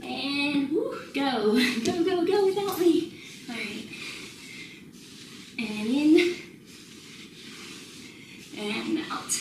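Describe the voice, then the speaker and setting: A woman's voice: high-pitched, distant mic. A woman instructor leading a home workout, slightly out of breath, upbeat and laughing as she counts down reps. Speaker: fitness instructor. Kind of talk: workout tutorial cueing. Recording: roomy, noisy, mic set away.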